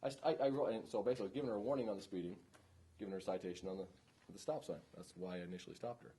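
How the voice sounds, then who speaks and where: A man's voice: fairly low pitch, very fast, mellow, slight background noise. A man teaching a police training class, speaking informally and often checking in with the room.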